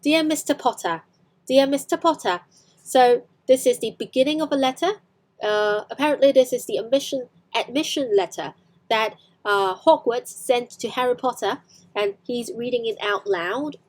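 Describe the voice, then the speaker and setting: Hong Kong-accented woman English tutor, a touch high-pitched, chatty explainer who restarts her sentences. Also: normal speed. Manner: explanatory, with frequent fillers and self-corrections. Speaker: English teacher. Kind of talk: online English lesson explaining film clips.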